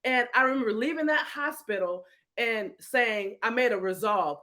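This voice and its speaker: High-voiced woman storyteller. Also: moderate pace. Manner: animated, emotional storytelling with acted-out quotes. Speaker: real estate investment coach, guest. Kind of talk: storytelling in a podcast interview.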